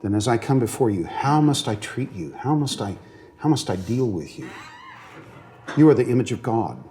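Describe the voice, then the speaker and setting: A male seminary professor delivers a classroom lecture in a mid-pitched voice. He speaks earnestly, pausing on fillers and restarting phrases, and keeps asking the class whether they follow. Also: sing-song, dark tone. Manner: checks understanding with the class often; earnest, grows emotional on moving points.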